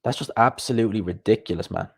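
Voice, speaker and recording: Low-voiced man chatting casually. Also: fast, creaky, breathy edge. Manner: rambling and conversational, reads out and answers viewer comments. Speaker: host of a live boxing chat show. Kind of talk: casual live-stream chat.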